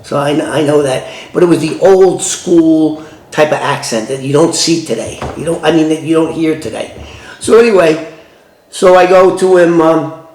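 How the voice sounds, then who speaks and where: A man from the Bronx, telling a true story from his past in a loose, halting way with many restarts. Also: fairly high pitch, darkish tone. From the Bronx, New York. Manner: loose, halting retelling with restarts and street phrasing. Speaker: former FBI informant recounting a case. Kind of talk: conversational first-person storytelling. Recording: roomy echo.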